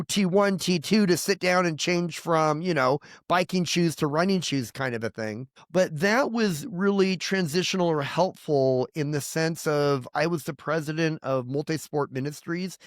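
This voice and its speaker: Pastor in his fifties, earnest rambling testimony, voice sitting a bit high, close and dry. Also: lively intonation, a little slow, hardly any pauses, no echo. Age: 50s. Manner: earnest, rambling with restarts and quoted prayers. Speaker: pastor and guest. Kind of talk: candid personal testimony.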